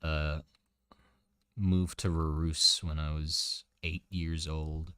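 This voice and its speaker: A man's voice: extremely low pitch, little pitch movement, slow, fairly bright tone, smooth, no echo, studio quality. A man in his twenties, originally from Germany, speaking with an American accent, chatting and joking casually with his stream chat as a streamer. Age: 20s. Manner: joking, teasing banter with chat.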